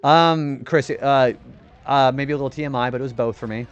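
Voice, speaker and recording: Young male streamer with a clear, smooth nerdy voice, rambling chat and frequent swearing while he plays. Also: mid-range voice, moderate pace, highs cut off. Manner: rambling, swears often when frustrated; self-described nerdy voice. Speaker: game streamer. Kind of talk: casual gaming stream chat.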